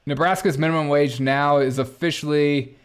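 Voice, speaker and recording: A man's voice: fairly high pitch, fairly even intonation, moderate pace, clean tone. A man hosting a casual political commentary livestream, reacting to clips with sarcasm and frequent laughter. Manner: sarcastic, laughs often, thinks aloud.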